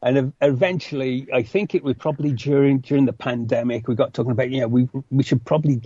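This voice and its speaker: A man's voice: medium pitch, fairly even intonation, fast talker, warm tone, slightly rough, no room sound, dull audio. A man with a West Midlands English accent, a podcast guest chatting casually in a self-deprecating way. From West Midlands, England. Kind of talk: casual chat.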